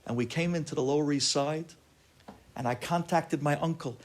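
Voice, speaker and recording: A man, a rabbi, telling a story in an animated way, acting out the people in it with shouts and exclamations. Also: fairly high pitch, normal speed. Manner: acts out quoted voices, shouting and exclaiming.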